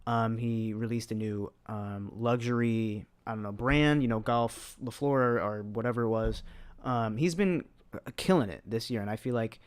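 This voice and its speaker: A young man co-hosting a casual podcast, relaxed and joking, explaining with asides. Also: mid-range voice, moderate pace, smooth. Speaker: podcast co-host. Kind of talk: casual livestream chat.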